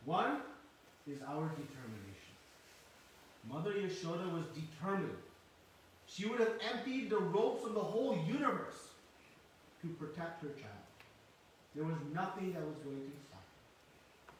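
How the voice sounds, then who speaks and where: A man preaching a devotional sermon, telling the story in an animated way and laughing at times. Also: fairly high pitch, a little slow, long pauses, slight background noise. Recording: echoey hall from far off.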